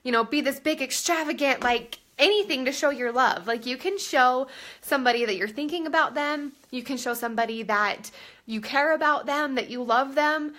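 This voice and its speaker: A woman's voice: high-pitched, moderate pace, fairly bright tone. A woman in her thirties chatting on a live stream from home, rambling with lots of fillers, holding her phone at arm's length. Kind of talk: casual live-stream chat. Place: home room. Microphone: phone held at arm's length.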